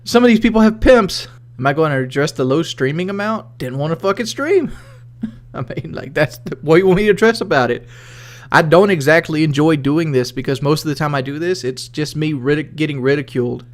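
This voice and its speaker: A man's voice: on the high side, expressive, fast. Southern guy on a livestream, rambly, swears a lot, lots of "like". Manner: rambling and profane, many "like" fillers. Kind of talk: casual livestream chat, reading chat questions.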